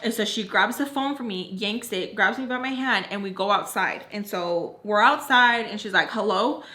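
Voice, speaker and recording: A young woman telling a storytime in a casual chat, animated, swearing and saying "like" a lot. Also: medium pitch, moderate pace, roomy sound. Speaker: storytime vlogger.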